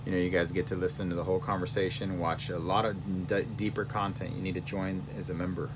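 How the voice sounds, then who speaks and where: A man, a real estate agent, vlogging casually in an excited, self-promoting, storytelling way while out on residential streets. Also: sits low, fast talker, background noise. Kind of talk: casual vlog to camera.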